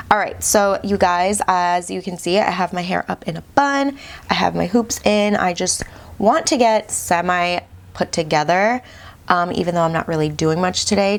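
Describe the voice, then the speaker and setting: A woman's voice: fairly low pitch, creaky. A woman, chatting bubbly through a makeup routine as a beauty vlogger. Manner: bubbly, keeps saying "you guys". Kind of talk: chatty get-ready-with-me makeup talk.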